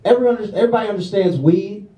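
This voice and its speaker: A man's voice: sits high, quick pace, distant mic. A man from Louisiana doing a stand-up routine on stage, self-deprecating and conversational, peppering his stories with "okay?" asides. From Louisiana, USA. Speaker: stand-up comedian. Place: large comedy venue with audience. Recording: echoey live venue audio from afar, crowd laughter.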